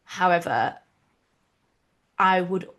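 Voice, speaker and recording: English woman, animated rugby podcast co-host. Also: on the low side. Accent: neutral English with a mixed regional touch. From England, East Midlands. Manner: opinionated, animated, quick asides. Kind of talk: casual chat.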